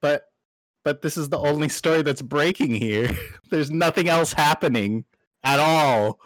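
A man's voice: measured pace, no room sound, poor audio. A man co-hosting a casual TV recap podcast, laughing often and teasing his co-host. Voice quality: animated, laughs often, swoops high when laughing.

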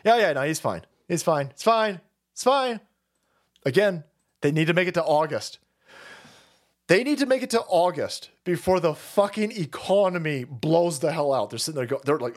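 A man's voice: a little high, expressive, normal speed. A man hosting a livestream, ranting in a foul-mouthed, mocking way. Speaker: livestream host. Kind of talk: profane political rant.

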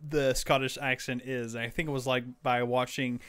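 A young man chats on a podcast in a hesitant, meandering way. His voice is smooth and clear at an everyday middle pitch, and he often restarts a sentence, filling the gaps with "uh" and "like". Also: flat delivery, normal speed, a bit bright. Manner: hesitant, many restarts and fillers, laughs easily. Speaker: podcast co-host. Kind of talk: casual chat.

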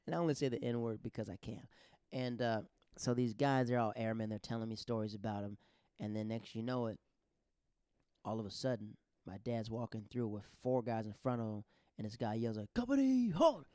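A man hosting a podcast, telling stories in a casual, animated, slangy way and acting out the quotes. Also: on the low side, brisk, clean tone, no echo, studio quality. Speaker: podcast host. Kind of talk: casual storytelling.

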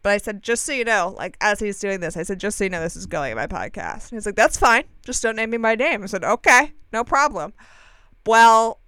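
A woman hosting her podcast, telling a rambling story in a chatty, animated way and swearing freely. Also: medium pitch, fairly quick, clean tone, dry recording. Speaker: podcast host. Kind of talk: casual storytelling monologue.

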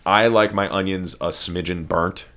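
A man's voice: deep voice, fairly even intonation, moderate pace, a bit bright. A man hosting a podcast, talking casually in a loose, rambling way with lots of swearing. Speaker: podcast host. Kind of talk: casual chat.

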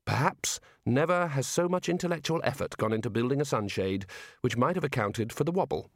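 Man, audiobook narration, expressive, animated pitch, dry close sound. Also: dry recording. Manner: expressive, measured storytelling. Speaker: audiobook reader. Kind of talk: scripted narration.

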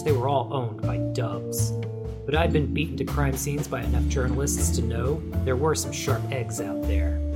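An actor playing a wisecracking hard-boiled male detective, narrating in a wry, deadpan noir comedy style. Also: mid-range voice, close to an everyday voice.

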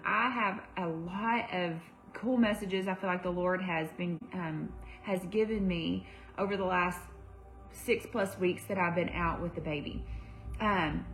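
A woman's voice: mid-range voice, a bit bright, low-quality recording. A young woman giving a livestream devotional to women, conversational, with fillers and self-corrections. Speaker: women's ministry speaker.

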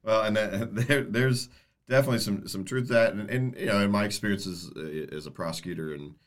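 A man co-hosting a casual podcast discussion, talking in halting bursts and repeating words as he starts each thought. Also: on the low side. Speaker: co-host, former prosecutor.

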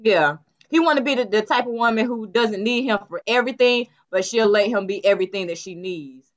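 A woman's voice: medium pitch, fairly quick, lo-fi sound. A woman chatting with co-hosts, agreeing and explaining with a laugh. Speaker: co-host. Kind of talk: casual chat.

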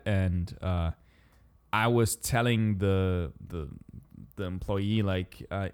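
A man's voice: fairly low pitch, clear, resonant tone. A young German man chatting casually, telling stories with a lot of swearing and acting out the people he quotes. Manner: animated storyteller, swears, acts out quotes. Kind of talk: casual chat.

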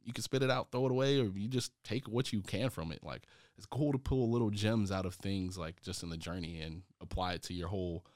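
A young adult man chats as a podcast guest, telling stories loosely and acting out what people said to him. He talks in a fairly low voice, heavy with "like" and restarts. The sound is dry and close. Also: brisk, no echo. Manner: animated, acts out quoted speech, many fillers. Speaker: startup founder as podcast guest. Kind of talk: casual conversational storytelling.

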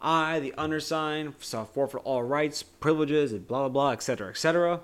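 A man's voice: animated, moderate pace, slight background noise, lightly acted. A man putting on an eccentric male chocolatier who turns from breezy dismissal to screaming rage. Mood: shrieking. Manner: shrill, shouting mock-legalese. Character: eccentric male chocolatier, flippant, then raging.

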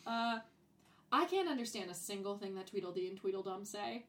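A woman's voice: fairly high pitch, normal speed, slight background noise. A young woman hosting a podcast, chatting casually, laughing often and swearing freely. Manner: giggly, profane, animated. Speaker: podcast host.

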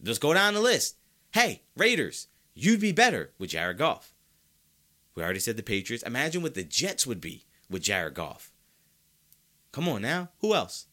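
A man's voice: medium pitch, wildly swooping pitch, moderate pace, sharp tone. A sick, congested man hosting a sports podcast, arguing his opinions emphatically and repeating his points for effect. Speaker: podcast host.

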